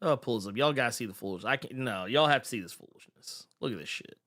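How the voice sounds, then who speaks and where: Animated, bright-voiced man riffing on a stream. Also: mid-range voice, quick pace. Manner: exclamatory, profane, laughing often. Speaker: show host. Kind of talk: casual live-stream commentary.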